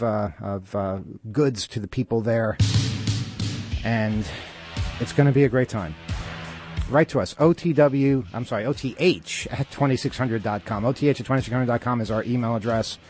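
A man's voice: mid-range voice, darkish tone, dry recording. Dry-voiced male radio call-in host. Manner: earnest, with frequent halting fillers. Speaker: radio talk show host. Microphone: studio microphone.

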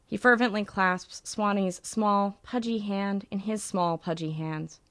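A woman's voice: mid-range voice, fairly even intonation, unhurried, few pauses, fairly bright tone, no echo. Woman narrating an audiobook, dry sound.

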